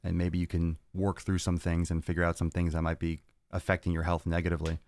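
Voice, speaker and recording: A man's voice: low-pitched, monotone, quick pace, darkish tone. A man hosting a fitness podcast, answering viewer questions in a blunt, profane, ranting way.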